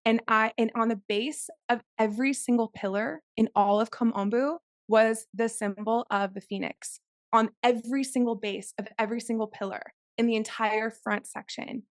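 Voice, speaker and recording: A woman's voice: on the high side, fairly even intonation, normal speed, dry recording, clean studio sound. A woman co-hosting a podcast, telling of her spiritual experiences in an earnest, emphatic way. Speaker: podcast co-host. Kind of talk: casual chat.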